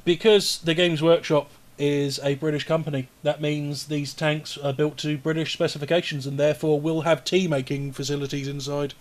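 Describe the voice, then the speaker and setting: A man's voice: fairly high pitch, little pitch movement, moderate pace, hardly any pauses. Chatty man at a tabletop game. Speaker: player. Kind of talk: joking tabletop chat.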